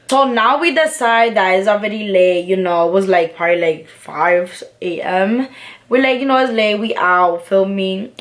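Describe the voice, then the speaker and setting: A woman's voice: mid-range voice, normal speed. A young woman tells a storytime to her camera while she does her makeup. Her talk is candid, profane and thick with slang and fillers. It stays a casual, confiding chat. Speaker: vlogger.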